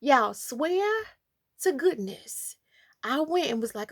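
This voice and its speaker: Lively young woman telling a story. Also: high voice, measured pace, gravelly, no room sound, clean studio sound. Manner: animated, playful, talks straight to viewers. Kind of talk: casual storytime.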